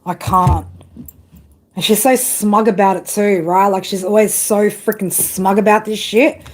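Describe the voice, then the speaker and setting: A woman's voice: mid-range voice, fairly even intonation, unhurried. A woman doing a live-stream tarot reading, ranting bluntly with heavy swearing and chatting to viewers. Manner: blunt, heavily profane ranting. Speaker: tarot reader.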